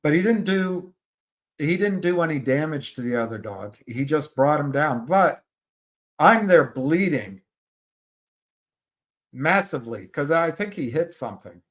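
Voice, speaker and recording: A man hosting a live stream, telling a story in a halting, rambling way with many restarts and reading out viewer comments. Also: fairly high pitch, expressive. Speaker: livestream host. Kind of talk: casual livestream chat and storytelling.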